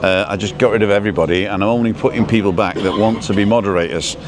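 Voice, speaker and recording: Outdoors on a noisy street, a man hosts a casual livestream, rambling as he reads viewer comments and fiddles with his stream settings. His lowish voice moves quickly with fairly even intonation.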